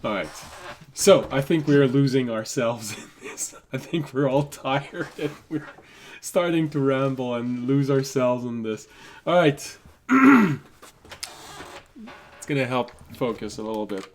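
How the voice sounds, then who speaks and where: A man's voice: mid-range voice, expressive, measured pace, background noise. A man with a sick voice, running a tabletop game as game master. He narrates the scene unhurriedly and laughs often at the players' jokes.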